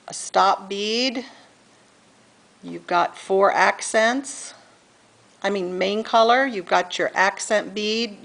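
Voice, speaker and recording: Slow, patient woman teaching beadwork. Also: medium pitch, creaky, fairly bright tone, poor audio. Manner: slow, patient, counts beads aloud, corrects herself. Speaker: beading instructor. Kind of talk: step-by-step craft tutorial.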